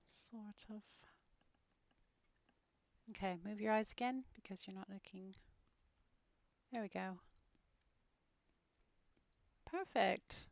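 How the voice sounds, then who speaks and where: A British woman streaming as she works on an animated scene, muttering to herself and often dropping into a whisper. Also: mid-range voice, takes it slowly, creaky, pauses often. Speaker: streamer making an animated game-character video. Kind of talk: casual narration while working.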